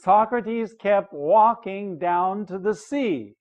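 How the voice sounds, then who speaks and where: Older American male teacher, very slow and patient, repeats and checks in, dull lo-fi sound. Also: high voice. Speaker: English teacher. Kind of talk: slow explanatory lesson, reading a story aloud.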